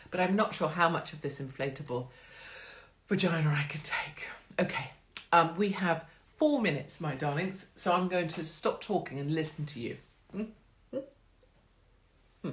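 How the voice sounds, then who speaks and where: A woman's voice: fairly low pitch, animated, normal speed. A woman hosting a live stream in a blunt, profane, chatty and rambling way. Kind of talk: casual live-stream chat.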